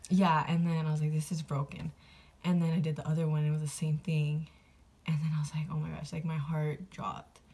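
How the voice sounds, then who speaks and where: A woman's voice: low voice, little pitch movement, fairly quick, mellow. A young woman vlogger casually telling a personal story, rambling with lots of fillers and getting emotional. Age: young adult.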